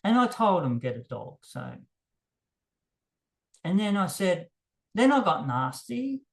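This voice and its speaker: A man talking frankly to camera about dating, blunt and self-deprecating, his voice jumping higher whenever he gets worked up. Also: very animated, slow, creaky. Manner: emphatic, voice jumps higher when worked up. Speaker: vlogger. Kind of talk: unscripted monologue to camera.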